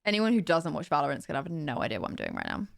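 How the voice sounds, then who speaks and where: Chatty young woman, lively low voice. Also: very fast, gravelly, dry recording, clean studio sound. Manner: chatty, playful, trying out accents. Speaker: livestreamer. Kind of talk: casual live-stream chat.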